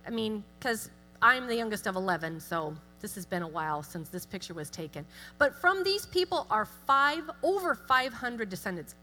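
A middle-aged woman giving a chatty, self-deprecating church talk with animated asides. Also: on the high side. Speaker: guest speaker. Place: church sanctuary. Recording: long hall reverb with music.

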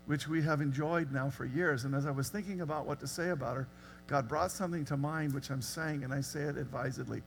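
A man's voice: fairly high pitch, steady tone, fast, creaky, soft background music, low-quality recording. A man, the pastor, earnestly introducing a guest speaker to his church. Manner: earnest, emphatic. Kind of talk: sermon introduction.

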